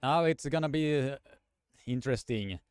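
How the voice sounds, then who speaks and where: A man hosting a live stream, commentating and chatting with viewers in a halting, filler-heavy way. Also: mid-range voice, smooth, dry recording.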